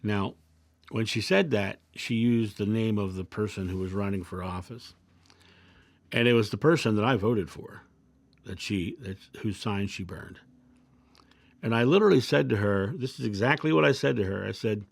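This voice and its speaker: A man hosting his own video channel, reflecting calmly through personal anecdotes and parables in a casual monologue. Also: fairly low pitch, normal speed, creaky, dry recording. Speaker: video host.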